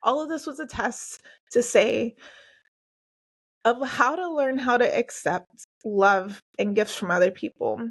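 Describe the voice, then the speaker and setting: A woman's voice: on the high side, measured pace, breathy edge. A woman in her forties hosting a heartfelt solo podcast, earnest and emotional, talking to listeners with lots of "like" and "y'all". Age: 40s. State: tearful at times. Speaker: podcast host and coach.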